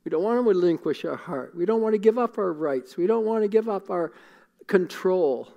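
A middle-aged man preaching a sermon, earnest and emotional, repeating phrases and dropping to a hush. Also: high-pitched, lively intonation, normal speed, creaky, highs cut off. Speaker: pastor.

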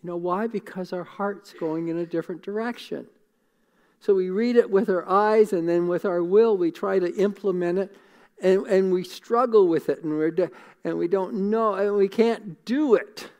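A middle-aged man preaching a sermon, earnest and emotional, repeating phrases and dropping to a hush. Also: high voice, normal speed. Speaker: pastor.

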